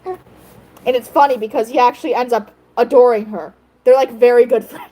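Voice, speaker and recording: A woman's voice: fairly high pitch, fairly even intonation, fairly quick, warm tone. A young woman creator chatting casually while she draws, rambling with fillers and frequent giggles. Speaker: video creator. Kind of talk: casual chat while drawing.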